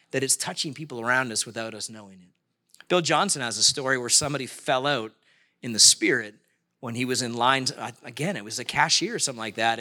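Conversational preaching man, bright voice. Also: a little high. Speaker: pastor. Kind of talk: sermon.

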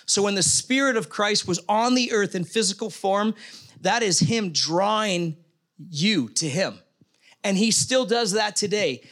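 A man's voice: high-pitched, fairly bright tone. A man preaching a casual sermon in church as pastor, explaining step by step with joking asides. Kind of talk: conversational sermon.

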